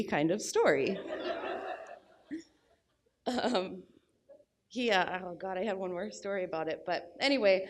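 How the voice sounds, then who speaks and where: A young adult woman telling a personal story at a live storytelling event, blunt and crude with deadpan humor. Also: mid-range voice, measured pace, pauses often, background noise.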